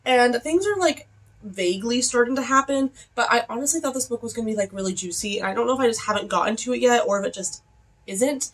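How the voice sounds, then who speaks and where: A woman's voice: on the high side, quick pace. A young adult woman chatting casually in a reading vlog, rambling along with lots of "like" fillers. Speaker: book vlogger.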